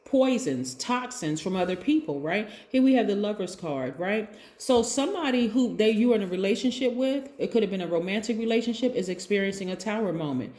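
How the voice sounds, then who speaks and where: A woman's voice: mid-range voice, expressive, fairly quick, few pauses, darkish tone. A woman giving a casual tarot reading, talking chattily and peppering her talk with rhetorical questions. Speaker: tarot reader. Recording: roomy echo.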